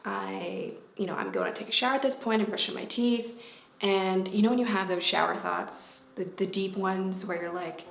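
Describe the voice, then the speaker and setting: A woman vlogger telling a personal story to camera in a casual, animated way, acting out what was said. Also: medium pitch, moderate pace. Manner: animated, acts out quotes in changing voices. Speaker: vlogger and life coach. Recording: echoey room with faint background music.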